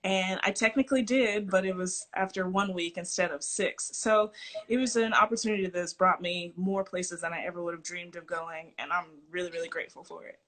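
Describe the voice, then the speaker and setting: Actress guest, eager and reflective, slightly out of breath, video-call sound. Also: female voice, fairly low pitch, fairly even intonation, fairly quick, a bit bright. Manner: enthusiastic, reflective, slightly winded. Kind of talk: casual video-call interview.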